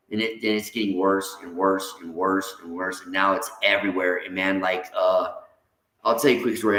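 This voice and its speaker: Brief: man in casual podcast chat, animated storyteller, roomy echo. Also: low-pitched. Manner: animated storyteller, acts out quoted voices, says "man" a lot. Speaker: guest, reentry specialist.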